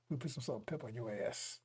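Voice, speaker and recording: A man's voice: medium pitch, fast, darkish tone, slightly rough. A male preacher delivering a fiery broadcast sermon, mocking and chuckling between his points.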